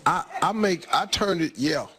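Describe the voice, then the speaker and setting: A man's voice: a little high, lively intonation, moderate pace, background noise. A man hosting a talk show, loose and emphatic in casual interview, saying "man" often.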